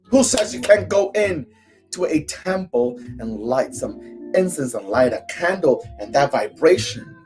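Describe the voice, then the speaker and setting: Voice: mid-range voice, animated, a little slow, darkish tone, faint music behind. A spiritual coach from Cuba giving a live tarot reading, emphatic and chanting repeated phrases.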